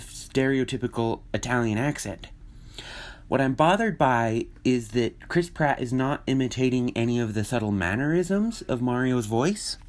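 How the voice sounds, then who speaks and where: A man's voice: medium pitch, darkish tone. A man giving casual, opinionated commentary on a film trailer, thinking aloud with restarts and fillers. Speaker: video commentator.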